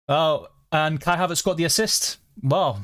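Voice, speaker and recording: A man's voice: on the high side, fairly bright tone. A man talks casually on a home live stream. He chats loosely and swears freely while reading out viewer comments. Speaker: fantasy football streamer.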